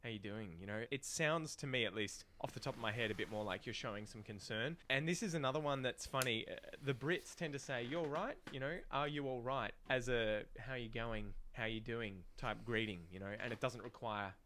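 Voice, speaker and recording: A man with an Australian accent explains local expressions in a chatty, teacherly way, acting out little example exchanges. His voice sits at a middle pitch for a man. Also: fairly quick, few pauses, bright, forceful tone, a little hiss or hum. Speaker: English-teaching YouTuber. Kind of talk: reaction video commentary.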